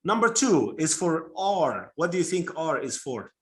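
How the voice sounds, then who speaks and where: A man's voice: on the high side, big pitch swings, unhurried, a bit bright. A man leading a workshop for English teachers, explaining step by step and drawing answers out of his audience. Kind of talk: workshop presentation.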